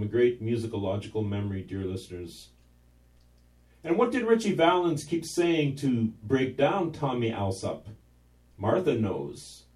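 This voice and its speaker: A man narrating a whimsical story in a gentle, meandering way, turning aside now and then to speak to his listeners. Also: mid-range voice. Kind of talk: scripted narration. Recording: roomy echo, distant mic.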